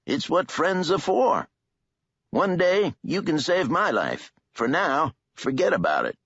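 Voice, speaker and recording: A chatty old man fusses over someone with a drawling, sing-song delivery, his voice climbing and dipping all over the place, as a male narrator puts him on. The tone is husky, and the audiobook recording sounds dull and dry. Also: a little high, sing-song, measured pace, fairly bright tone, dry recording, voice pushed up, full character voice. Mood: friendly. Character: chatty kindly old man, folksy and fussing. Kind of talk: audiobook character voice.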